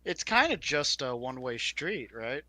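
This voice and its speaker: A man co-hosting a podcast in casual chat, with rambling, halting asides. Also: mid-range voice, sing-song, pushed and bright, no room sound. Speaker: podcast co-host.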